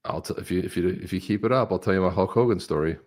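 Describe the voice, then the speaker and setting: A middle-aged man co-hosting a casual livestream chat, telling stories with lively impressions of other people. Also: sits low, rapid-fire. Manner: animated storyteller, mimics others with a raised voice. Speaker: co-host of a crypto livestream.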